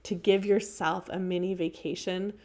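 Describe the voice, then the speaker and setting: Earnest woman telling stories, low voice. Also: steady tone, normal speed, darkish tone. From Canada. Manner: earnest, storytelling, many fillers and restarts. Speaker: presenter on children's mindfulness. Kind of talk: casual talk with anecdotes.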